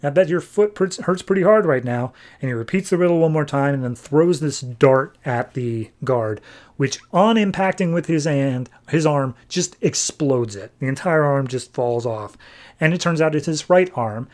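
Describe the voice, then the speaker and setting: A man's voice: mid-range voice, lively intonation, normal speed, a little mellow. A man hosting a podcast, casually recapping a comic book issue with wry asides. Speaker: podcast host.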